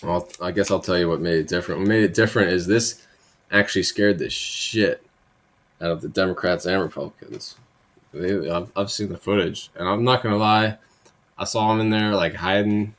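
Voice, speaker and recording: Hosting a political commentary show, this man has a low, slightly bright voice and a moderate pace. He reads out bill text before tearing into it with profane sarcasm, peppering his points with "right?" and chatty asides.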